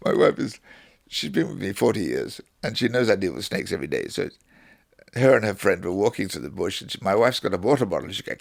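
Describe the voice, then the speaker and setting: A man's voice: lowish voice, a little fast, vocal fry, dry recording, clean studio sound. A man, a snake wrangler, talking bluntly in casual chat and acting out little scenes. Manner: blunt, animated storyteller, acts out voices.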